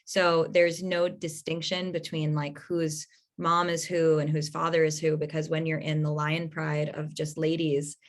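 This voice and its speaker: Young woman hosting an astrology podcast, gushy and laughy, lowish voice. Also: little pitch movement, a little slow. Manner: effusive, laughs often, swears casually. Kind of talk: casual chat.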